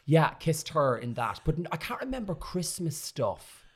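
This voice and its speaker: A man's voice: on the high side, big pitch swings, normal speed, slightly rough. A man co-hosting a casual studio chat, camp and dramatic, swearing freely. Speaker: podcast co-host. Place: recording studio.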